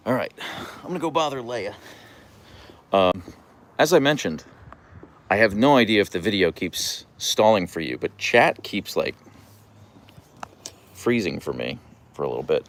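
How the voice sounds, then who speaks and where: A young man livestreams from a deck at home next to his huskies, chatting casually, rambling through stories and answering viewer comments. His lowish voice is animated at a normal speed, with long pauses, and he's full of fillers and restarts.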